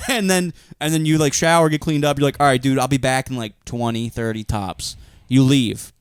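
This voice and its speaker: Smooth deadpan young man, dry sound. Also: medium pitch, normal speed, dry recording. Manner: dry, deadpan, laughing storyteller. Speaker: podcast co-host. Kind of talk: casual chat.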